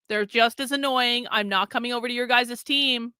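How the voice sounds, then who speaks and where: A woman livestreamer who talks bluntly and swears freely, mocking the people she answers. Her voice is bright and sits a little high. The sound is close and dry. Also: moderate pace, few pauses, smooth, no echo. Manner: blunt, profane, sarcastic. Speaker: livestream host. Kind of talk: casual livestream commentary.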